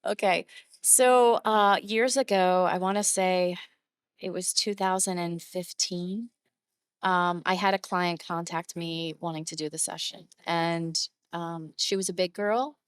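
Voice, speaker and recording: A woman's voice: lowish voice, measured pace, clear, resonant tone, dry recording. A woman photographer guest on an interview podcast, telling stories conversationally and animating her clients' words. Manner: warm, emotive, animated when quoting clients.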